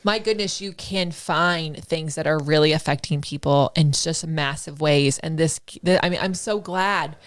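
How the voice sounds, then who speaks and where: Excitable woman gushing on a podcast. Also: low voice, normal speed, few pauses. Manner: gushing, excitable storyteller who acts out her own reactions. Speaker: podcast host. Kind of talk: casual podcast chat.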